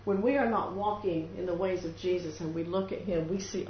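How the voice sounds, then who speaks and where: A fairly low-pitched woman talks a little fast, with hardly any pauses, while preaching a devotional sermon. Earnest throughout, she now and then imitates doubters and people praying. Faint noise sits beneath the dull, lo-fi sound.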